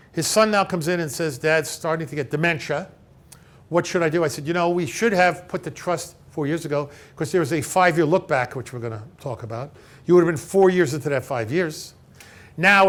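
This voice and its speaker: A man with a voice pitched a bit above most men's leads a seminar in front of a live audience. He tells his client stories with plenty of animation, acting out both sides of each conversation, and keeps checking that the room is following him. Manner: checks in with the audience with frequent "okay?". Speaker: elder law attorney giving a seminar. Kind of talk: conversational seminar talk with retold client dialogues.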